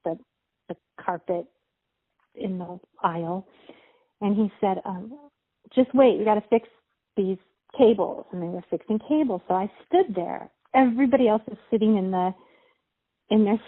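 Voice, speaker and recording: A middle-aged woman, a mother, casually telling a personal story in a rambling, halting way with many fillers and restarts. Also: mid-range voice, slightly rough, no room sound. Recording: tinny phone-like sound, dry.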